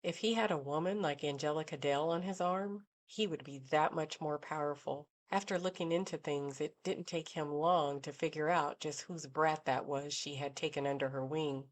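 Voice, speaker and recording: Low-voiced woman narrating a novel. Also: steady tone, moderate pace, hardly any pauses. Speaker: audiobook narrator. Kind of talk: scripted narration.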